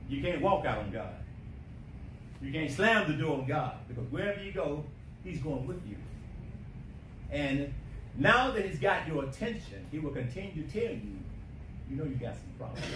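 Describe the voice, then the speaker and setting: A man preaching a sermon, emphatic, swinging between quiet asides and shouting. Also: a little high, big pitch swings, normal speed, pauses often. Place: church sanctuary. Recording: echoey church from a distance, faint hiss.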